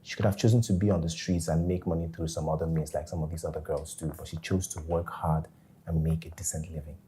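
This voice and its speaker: An actor with a Nigerian accent in his thirties playing a calm, kindly company boss and elder brother. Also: very deep voice, fast, a little hiss or hum. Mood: reasoning. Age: 30s. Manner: easygoing, reassuring.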